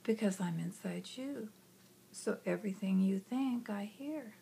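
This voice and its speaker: A woman voicing a calm inner spirit voice that speaks slowly and softly. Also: mid-range voice, vocal fry, a little hiss or hum. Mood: hushed. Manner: slow, hushed, measured.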